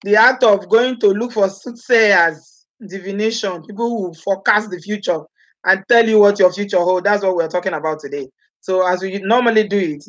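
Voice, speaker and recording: A woman from Edo State with a Nigerian accent, chatting on a live vlog, greeting viewers by name and slipping into Pidgin. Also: on the low side. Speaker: vlogger host.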